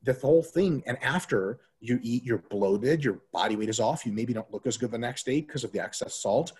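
In this casual podcast talk, a male diet coach speaks a little fast at medium pitch, his voice slightly rough. His storytelling is lively and profane, full of quoted voices he acts out.

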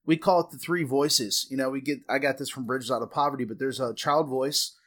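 A man's voice: medium pitch, fairly even intonation, a little fast, fairly bright tone. A man hosting an interview podcast, chatty and enthusiastic as he talks with his guest. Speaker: podcast host, trainer. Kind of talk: casual interview chat.

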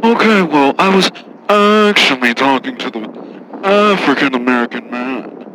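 A man voicing a snooty, condescending rich caller in a radio comedy bit, talking slowly and patronizingly. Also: mid-range voice, animated, sharp tone, a little hiss or hum, poor audio. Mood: haughty. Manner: slow, haughty, patronizing. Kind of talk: radio comedy prank call.

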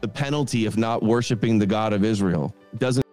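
A man's voice: on the low side, brisk, dark tone, faint music behind. A man on a played debate stream, speaking in a blunt and scornful way. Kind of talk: debate call-in.

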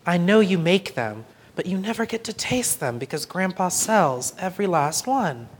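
A storyteller reading a picture book aloud, voicing a small, eager, shy boy in a soft, hushed, breathy voice. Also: mid-range voice, sing-song, moderate pace, slight background noise, natural voice.

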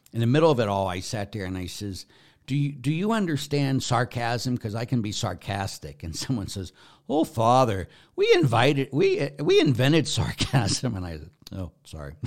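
A man's voice: on the low side, a bit bright. A middle-aged man, a Catholic priest, preaching in a folksy, joking way with emphatic bursts. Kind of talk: informal preaching talk.

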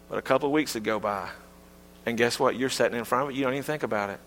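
A man's voice: fast, long reverb tail. A middle-aged man preaching a sermon in a folksy, humorous storytelling manner. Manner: folksy, humorous storytelling with lively pitch swings. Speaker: pastor.

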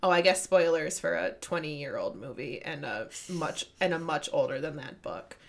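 A woman hosting a casual book chat, retelling scenes with excitement and plenty of swearing. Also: low voice, normal speed, vocal fry. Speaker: book podcast host.

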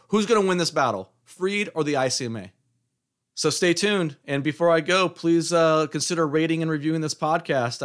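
A middle-aged man hosts a solo podcast, taunting and challenging his listeners in a combative monologue. His voice is fairly high and a bit bright.

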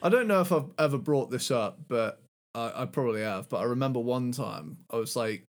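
A man's voice: medium pitch, a little fast. A man co-hosting a music podcast in casual chat, telling stories with plenty of laughter. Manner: laughing, animated storyteller. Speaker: podcast co-host.

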